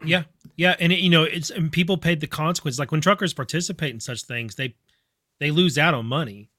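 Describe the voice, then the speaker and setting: Man, podcast co-host, earnest and hedging, crisp bright tone, dry sound. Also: a little high, fairly quick, no room sound. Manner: earnest, hedging, many ums and restarts. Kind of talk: casual chat.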